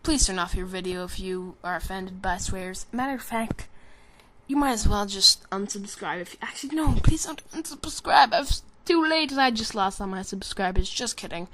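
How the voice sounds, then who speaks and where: A person giving casual, rambling commentary over a game trailer, joking and swearing, with constant fillers and restarts. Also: female voice, mid-range voice, moderate pace, a bit bright, slight background noise. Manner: rambling and jokey, with frequent swearing; self-interrupting, with many fillers and restarts.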